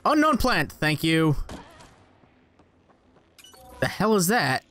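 A young man commentating his gameplay, excitable and sarcastic, swearing and talking back at the game. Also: high voice, slow pace. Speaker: let's play gamer.

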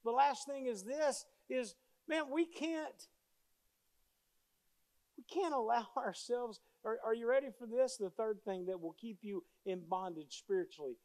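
A man's voice: very high-pitched, measured pace, darkish tone. A male pastor preaching a sermon with emphasis, repeating key phrases as he tells stories.

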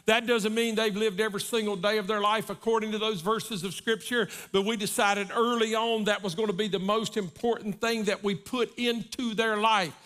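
A man's voice: high-pitched, fairly bright tone. A middle-aged man, a guest preacher, delivering a sermon in a folksy storytelling manner, often checking in with "right?". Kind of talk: sermon with personal stories. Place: church service.

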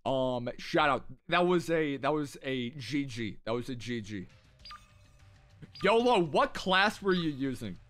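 Faint music plays behind a young man's medium-pitched, expressive voice, fairly bright and unhurried. He's hosting a mobile shooter livestream on a headset, casually chatting with viewers and repeating phrases over and over during play.

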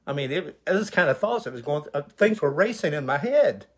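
A man's voice: fairly high pitch, big pitch swings, brisk, slightly rough. A male pastor telling his personal testimony, an emotional, vivid retelling full of quoted dialogue.

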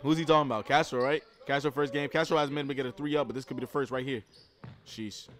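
A man reacting to a streetball game, giving casual commentary with slang and sudden loud outbursts. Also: mid-range voice, fairly even intonation, fast. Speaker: reaction streamer commenting on basketball.

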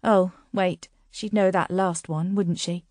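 A woman's voice: fairly low pitch, fairly even intonation, takes it slowly, darkish tone, no room sound, studio quality. A woman voicing an uptight British bookshop owner who speaks in a clipped, cutting, dryly sarcastic way. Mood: cool, cutting.

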